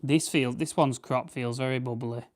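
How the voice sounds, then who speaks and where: With a medium pitch, fairly even intonation, normal speed and a darkish tone, a young South Yorkshire man hosts a casual livestream. He plucks grouse as he chats and rambles, reading out viewer comments and responding.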